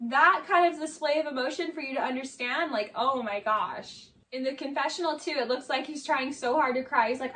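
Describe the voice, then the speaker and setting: A woman's voice: high-pitched, brisk, few pauses, pushed and bright, recorded from a distance. A young woman giving casual video essay commentary, sarcastic and exasperated, saying "like" a lot.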